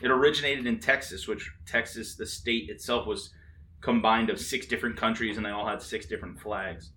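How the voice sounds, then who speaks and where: A man's voice: lowish voice, fairly even intonation, brisk, bright, forceful tone, a little hiss or hum. A man on a casual podcast, cracking jokes and teasing the others. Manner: teasing, jokey wisecracks. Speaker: podcast co-host. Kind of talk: casual banter. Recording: echoey room with faint ambience.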